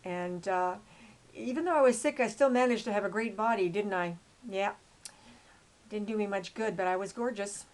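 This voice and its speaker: A woman's voice: mid-range voice, moderate pace. Older woman telling her story, rambling. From Canada. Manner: rambling, frequent fillers and restarts; grows loud and emphatic when indignant. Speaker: autobiographical storyteller. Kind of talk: casual narration over photos.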